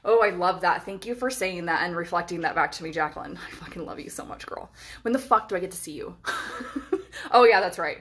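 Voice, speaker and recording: An excitable woman in her thirties chats on a live stream from a hotel room. She swears freely and strings her thoughts together with lots of fillers. She talks into a phone camera. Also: fairly low pitch, brisk. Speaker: vlogger. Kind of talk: casual live-stream chat.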